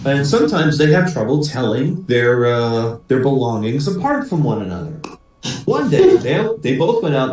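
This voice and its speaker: A man's voice: mid-range voice, a little mellow, very echoey, recorded from a distance, poor audio. A man hosting a comedy show, telling a joke in a chatty way and often checking with the audience. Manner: chatty, keeps asking "right?".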